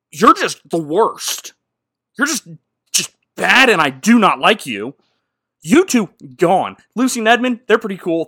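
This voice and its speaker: A man putting on a lion king who scolds without mercy. The voice is bright and forceful. It is recorded close and dry, with no room sound. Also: on the high side, dry recording. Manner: bossy, scolding, blunt. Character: smug dismissive male lion king.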